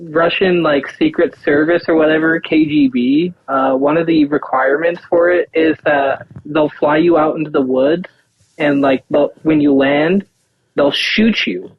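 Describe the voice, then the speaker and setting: A man's voice: fairly high pitch, fairly even intonation, measured pace, slight background noise. A young man co-hosting a comedy podcast, telling a story with many ums and likes. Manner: rambling with filler words. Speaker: podcast co-host. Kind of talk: casual storytelling chat. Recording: slightly dull lo-fi sound.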